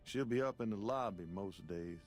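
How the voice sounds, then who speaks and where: A man's voice: fairly low pitch, moderate pace, faint music behind, close to an everyday voice. An actor playing a folksy rural townsman with a Southern drawl, wary of strangers, in a video game. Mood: matter-of-fact. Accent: American Southern.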